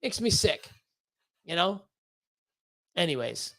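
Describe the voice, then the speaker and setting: A man's voice: a little high, sing-song, slow, vocal fry, a bit bright. A man who breeds reptiles, hosting a livestream and ranting at length, blunt and heavily profane, often stumbling over repeated words.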